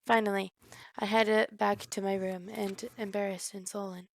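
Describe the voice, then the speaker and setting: A woman streamer reading a video game's narration aloud, in a quiet, even way. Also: medium pitch, normal speed, gravelly.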